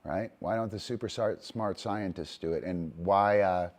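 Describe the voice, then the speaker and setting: His voice is low-pitched and a little mellow, moving at a moderate pace, as this middle-aged man hosts a casual monologue on training dogs. He rambles, stresses his points emphatically, adds "right?" to them, and swears casually.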